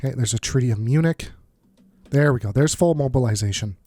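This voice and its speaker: A man with a blocked nose chats his way through a strategy game, muttering asides as he works things out. His voice sits at an average pitch, recorded close and dry with no room around it. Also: a little fast, warm tone, no echo. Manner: thinks aloud, muttering asides. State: stuffed-up nose. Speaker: let's play host. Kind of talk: casual strategy game commentary.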